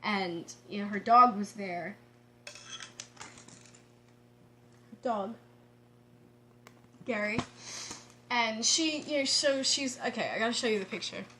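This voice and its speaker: A woman vlogger telling a story in a casual, excitable way, laughing often and restarting her sentences. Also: fairly high pitch, measured pace, long pauses, slight background noise.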